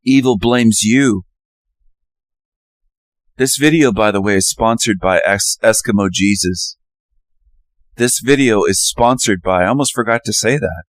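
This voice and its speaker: A man with a low-set voice monologues over a slideshow of images, circling back to the same phrases and jumping into loud, emphatic bursts. The sound is dry and close, with no room around it. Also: measured pace, pauses often, dry recording. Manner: ranting, repetitive, emphatic bursts. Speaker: channel host.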